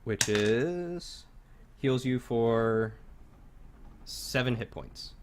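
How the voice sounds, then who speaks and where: A man narrating as game master in a tabletop game, describing scenes in a halting, loose way. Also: medium pitch, expressive, background noise.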